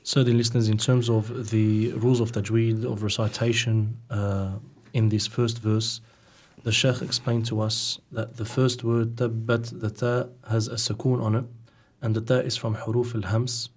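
A man hosting a program, explaining recitation rules to listeners with frequent pauses and fillers. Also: fairly low pitch, level tone, a little mellow, husky. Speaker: program host and interpreter. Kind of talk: explaining a lesson to radio listeners.

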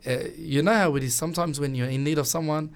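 A man's voice: on the high side, quick pace, smooth. Earnest man telling religious stories. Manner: earnest, animated storytelling with quoted voices. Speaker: religious teacher. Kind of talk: casual religious chat.

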